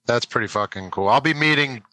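A man's voice: mid-range voice, a little fast, bright, forceful tone, no room sound, rough recording. A man chatting casually on a podcast, blunt and profane in his reactions. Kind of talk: casual chat.

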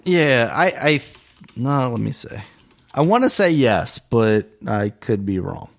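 A man's voice: mid-range voice, very animated, slow, vocal fry. A man co-hosting a podcast, chatting casually and hedging his points with fillers. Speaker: podcast co-host. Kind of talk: casual chat.

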